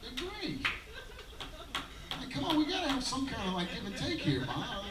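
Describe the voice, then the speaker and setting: A man's voice: very high-pitched, wildly swooping pitch, a crowd in the background. Rambling man doing stand-up. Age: 30s. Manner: rambling, self-mocking, halting with fillers. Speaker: stand-up comedian. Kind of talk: stand-up comedy set. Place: outdoor daytime comedy show. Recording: roomy live sound from a distance.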